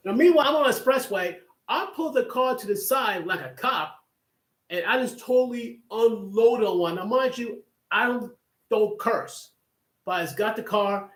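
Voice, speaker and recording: A man's voice: high-pitched, animated, moderate pace, a bit bright. A man hosting a livestream, telling a long casual story that rambles with many restarts and asides. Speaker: livestream host. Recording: echoey room.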